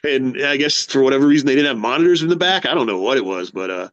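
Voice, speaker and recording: A man hosting a wrestling talk show, telling a relaxed, rambling anecdote. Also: mid-range voice, fast talker, highs cut off. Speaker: host. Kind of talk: casual chat.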